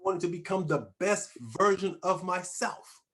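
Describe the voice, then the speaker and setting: A man's voice: high voice, a little slow. A man hosting a talk show, speaking emphatically and restarting his phrases as he interviews a guest. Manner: emphatic and animated, with repeated restarts. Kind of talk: conversational interview.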